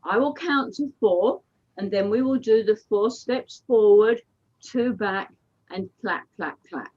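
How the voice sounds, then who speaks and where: Slow-spoken woman facilitator on a video call. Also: mid-range voice, darkish tone, breathy edge. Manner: counts and calls out steps to lead a group. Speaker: workshop facilitator. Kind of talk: leading a group movement exercise. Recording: dull lo-fi video call audio.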